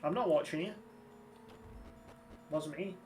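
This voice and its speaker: A man's voice: a little high, takes it slowly, darkish tone. Chatty guy streaming a game. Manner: chatty, rambling, swears casually. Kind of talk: casual gameplay commentary. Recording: slightly distant mic with game music.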